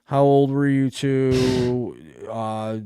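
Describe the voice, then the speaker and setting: A man co-hosting a casual talk show, pressing with quick, joking questions. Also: medium pitch, steady tone, dark tone, clean tone, no echo, studio quality. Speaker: co-host. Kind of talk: casual chat.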